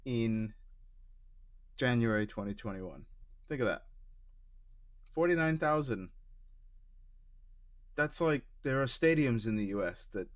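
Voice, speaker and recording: Easygoing man talking markets, laughing often. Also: medium pitch. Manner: laughs easily, emphatic when making a point. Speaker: co-host of a live trading show. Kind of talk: casual trading chat.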